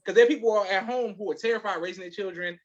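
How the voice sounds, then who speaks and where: Podcast host dude, real high voice, muffled lo-fi audio, hypes up guests. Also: male voice, racing. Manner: hype, slangy, questioning. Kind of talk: casual podcast interview. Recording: dull lo-fi sound.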